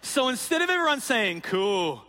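A man's voice: extremely high pitch, sing-song, normal speed, sharp tone, long reverb tail. A man preaching, telling a comic story and acting out the voices of the people in it. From Australia. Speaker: pastor. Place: large auditorium.

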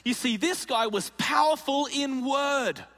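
A male pastor preaching a sermon in an animated, joking way, acting out scenes as he tells them. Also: very high voice, a little slow, big-room sound. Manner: animated and jokey, acts out scenes.

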